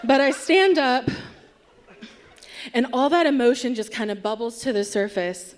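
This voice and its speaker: A woman's voice: a little high, animated, a little slow. A woman telling a wry, self-deprecating story on a theatre stage, acting out what people said. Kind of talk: live comic storytelling.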